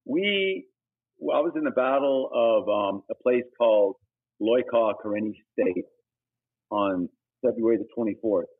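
A middle-aged man, a missionary guest, giving an earnest, preachy personal testimony that breaks into sudden emphatic high bursts. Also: unhurried, slightly rough. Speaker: guest, humanitarian missionary leader. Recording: tinny phone-like audio.

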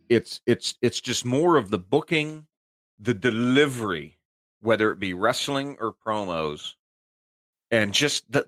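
A man co-hosting a podcast in casual chat, animated and rambling, often stumbling and repeating his words. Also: mid-range voice, no room sound, clean studio sound. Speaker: podcast co-host.

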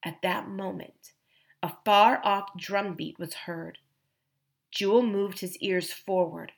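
A woman narrating a children's fantasy audiobook, expressive and voicing each character. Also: mid-range voice, takes it slowly, creaky. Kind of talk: storybook narration.

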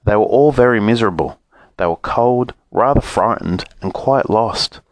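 A man reading a children's storybook aloud with an expressive, animated delivery. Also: lowish voice, moderate pace, no room sound. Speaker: narrator.

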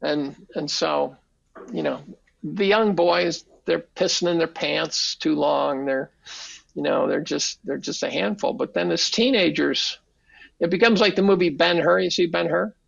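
A man's voice: a little high, unhurried, gravelly, breathy edge, no room sound, lo-fi sound. An older man, a podcast guest, telling casual stories, swearing freely and acting out quotes. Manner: animated, profane, acts out quotes. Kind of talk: casual storytelling.

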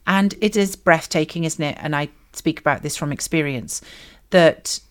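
A Welsh woman co-hosts a faith-based conversational podcast, her low voice moving at a moderate pace. She speaks earnestly and reflectively, returning to the same phrases again and again.

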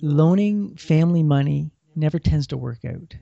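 Man, finance guest, gravelly and very dark, slightly raised pitch, dull lo-fi audio. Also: normal speed, no echo. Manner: plainspoken, repeats words while thinking. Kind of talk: casual advice talk. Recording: dull lo-fi sound.

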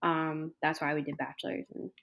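Chatty young woman, slightly low voice. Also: steady tone, moderate pace, creaky, highs cut off. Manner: chatty, many fillers and "like"s. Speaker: interview guest, culinary school graduate. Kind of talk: casual conversational interview.

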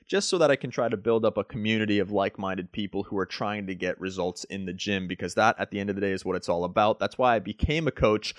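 Casual rambling fitness coach, dry sound. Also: male voice, lowish voice, no echo. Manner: casual, rambling, leans on "like" and "right?". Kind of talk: solo podcast monologue.

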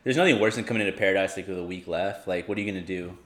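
Fast-talking man with a low voice. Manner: fast, slangy, emphatic. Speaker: podcast co-host. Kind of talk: casual chat.

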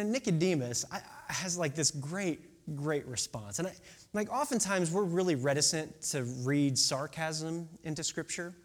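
A man in his thirties preaching a sermon in a conversational way, with asides and rhetorical questions. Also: fairly high pitch. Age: 30s. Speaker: pastor.

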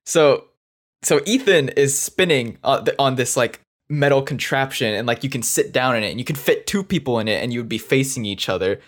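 A man's voice: mid-range voice, expressive, fairly quick. A young man co-hosting a podcast, telling a story in casual chat, rambling with lots of fillers. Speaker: podcast co-host.

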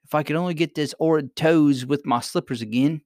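A man's voice: a little high, a little fast, darkish tone, dry recording, studio quality, voice pushed up, close to an everyday voice. A man voicing a spiteful, haughty goblin queen in an imperious, scornful manner.

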